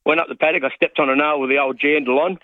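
Fast-talking man on a phone line. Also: fairly high pitch, steady tone, no echo. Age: 50s. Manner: rambling, self-mocking storyteller. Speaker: radio caller. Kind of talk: phone-in storytelling.

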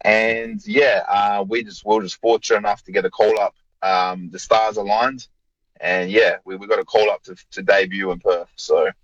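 An Australian man, a fighter from South Australia, chatting in a relaxed interview, often repeating words and calling people mate. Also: lowish voice, normal speed, no room sound, lo-fi sound. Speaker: guest, mixed martial arts fighter. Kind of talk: casual interview over a line.

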